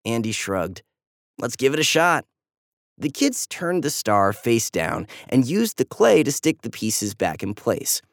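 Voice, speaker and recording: A storyteller reading a children's story aloud with animated, lively delivery. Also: medium pitch, unhurried, vocal fry, few pauses, no room sound, clean studio sound.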